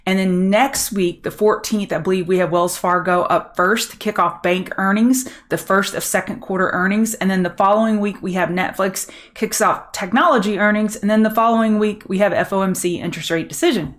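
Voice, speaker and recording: With a medium-pitched voice, fairly even intonation, and a slightly fast delivery that barely pauses, a middle-aged Louisiana woman hosts a live market commentary stream. The Southern-accented trading show host stays chatty and upbeat, addressing viewers by name.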